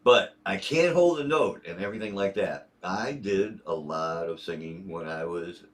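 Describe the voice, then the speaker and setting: A man in his sixties from Ohio with a deep bass voice, chatting casually and rambling through stories on a livestream. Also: lively intonation, moderate pace. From Northeast Ohio. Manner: rambling, easygoing storyteller. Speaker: guest on a livestream reading viewer messages.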